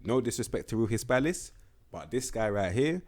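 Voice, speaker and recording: A young man giving casual, slang-heavy commentary on a football management game, animated and swearing freely. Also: medium pitch, normal speed. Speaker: gaming YouTuber.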